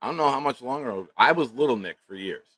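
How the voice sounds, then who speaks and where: A middle-aged man rants through a crude comic story, loud and animated. His voice is bright and forceful, and the sound is dry and close with no room echo. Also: mid-range voice, fast talker. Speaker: podcast co-host. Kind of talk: profane comedic storytelling.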